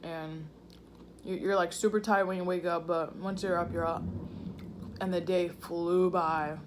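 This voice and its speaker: A woman's voice: fairly low pitch, steady tone, measured pace, a little hiss or hum. A woman vlogger chatting casually and slangily between bites while eating at home. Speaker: mukbang vlogger. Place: home room indoors. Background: faint thunderstorm.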